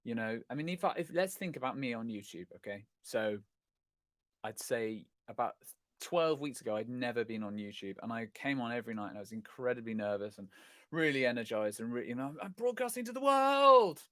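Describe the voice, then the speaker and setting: Male host, middle-aged, casual rambling live-chat delivery, mid-pitched, close and dry. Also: a little fast, no room sound. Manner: chatty, rambling, self-correcting, self-deprecating. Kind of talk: casual chat answering viewer questions.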